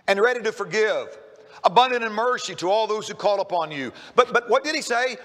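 High, bright-voiced man preaching in a hall. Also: animated, fairly quick. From Kentucky. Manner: repeats words when starting sentences, emphatic. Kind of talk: sermon. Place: church sanctuary.

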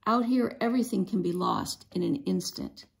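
A strict father scolding his daughter on the deck of a ship, sharp and raised, with a gravelly crackle in the voice, as a woman reads the part aloud from a storybook. The line comes out louder and higher than the storybook narration around it. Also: lively intonation, moderate pace. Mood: stern scolding. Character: stern strict father, sailing captain.

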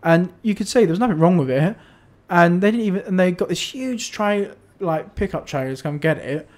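A man, co-hosting a podcast and telling animated stories in casual chat. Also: high voice, fairly quick. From England. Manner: chatty storyteller, animated, restarts often. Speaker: podcast co-host.

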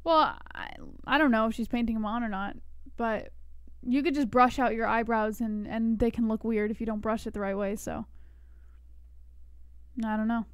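A woman's voice: a little high, fairly even intonation, moderate pace, clean tone, no room sound, studio quality. A woman co-hosting a live fight-reaction stream, reading chat and teasing her co-host in laid-back banter.

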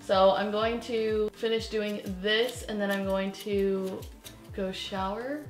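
A young woman vlogging casually in front of a mirror, excitable and gushing, often gasping and exclaiming. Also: medium pitch, takes it slowly. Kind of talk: casual vlog chat. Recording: roomy echo with faint background music.

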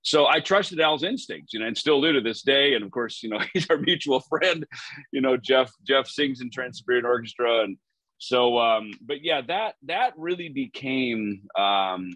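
A man in his fifties, a rock musician guest in an interview, telling stories with lively swings in his voice. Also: moderate pace, no room sound. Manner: animated storyteller, lively pitch swings. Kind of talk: casual interview chat.

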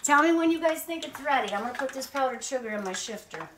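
A somewhat high-voiced woman chats her way through a casual cooking livestream at home. She talks straight to her viewers as she works in her kitchen. The recording is noisy, with clicks behind her. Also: lively intonation, fast, a bit bright, recorded from a distance.

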